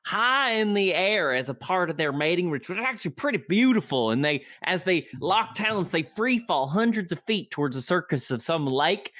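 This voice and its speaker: Man, tabletop player in character, rambling drawl, bright voice, lively pitch. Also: no echo, clean studio sound. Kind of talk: in-character tabletop role-play.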